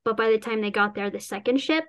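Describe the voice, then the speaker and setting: A woman author talks fast in a fairly high, clean-toned voice during a casual chat about her novel. She keeps laughing, rambles and starts over, and voices the quotes she mentions.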